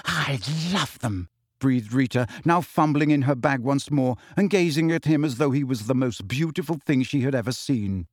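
A man's voice: mid-range voice, moderate pace, few pauses, darkish tone, dry recording. Man narrating a novel, dry close sound. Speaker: audiobook reader. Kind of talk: scripted narration.

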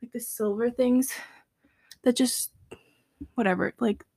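A young adult woman chatting with a friend, telling a long, animated story full of fillers. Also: fairly high pitch, unhurried, creaky, slightly rough, dry recording. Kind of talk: casual chat between friends.

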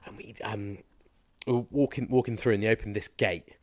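Lively man telling stories on a podcast. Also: on the low side, fast talker, dry recording. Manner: animated storyteller who slips into mimicking accents. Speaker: fitness and mindset coach, podcast guest. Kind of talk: casual podcast chat.

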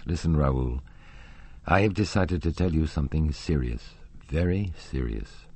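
A man's voice: a bass voice, animated, measured pace, darkish tone, slightly rough, no echo, full character voice. A man reading aloud and voicing an earnest, intense young woman singer in a storybook. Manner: pleading, rising to indignant.

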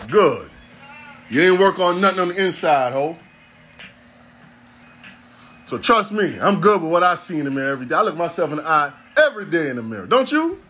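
A high, slightly bright male voice comes through with a faint hiss or hum. It belongs to an Ohio podcast host in his forties, who delivers a casual, profane, meandering monologue with a sermon-like lilt.

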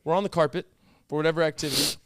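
A man's voice: fairly high pitch, fairly even intonation, racing, fairly bright tone, no echo, clean studio sound. A young man in casual chat, teasing and telling comic stories. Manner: jokey, teasing storyteller.

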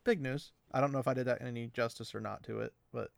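A man hosting a podcast, chatting excitedly about a fantasy novel, laughing often and mimicking characters. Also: mid-range voice, quick pace, creaky, no echo, clean studio sound.

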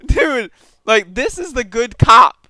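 A man's voice: high voice, normal speed, pushed and bright, clear, resonant tone, dry recording. A man giving casual, sarcastic news commentary, reading articles aloud and reacting with disbelief. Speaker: political commentary streamer.

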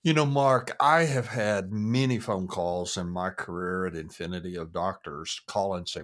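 A man's voice: low-pitched, normal speed, hardly any pauses. A man co-hosting an interview podcast, sharing anecdotes in a chatty way. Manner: anecdotal, animated storytelling. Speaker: co-host.

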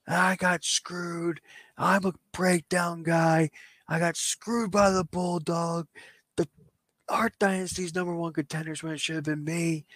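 A man's voice: fairly high pitch, dry recording, pitched above the performer's own voice. Man as an indignant wrestler cutting an insistent promo, dry close sound. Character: aggrieved American wrestler demanding a match.

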